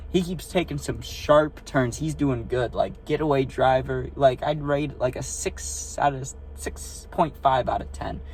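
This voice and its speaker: A man's voice: medium pitch, darkish tone. Young man telling a rambling story. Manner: rambling, profane, filler-heavy, asks listener "right?". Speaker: storytime vlogger. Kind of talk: casual storytelling. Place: parked car.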